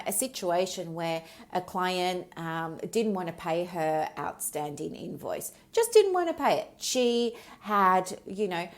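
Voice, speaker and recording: A middle-aged woman hosting a solo podcast, telling a story from her practice in a candid, chatty way and drifting onto tangents. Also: mid-range voice. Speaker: podcast host and business mentor.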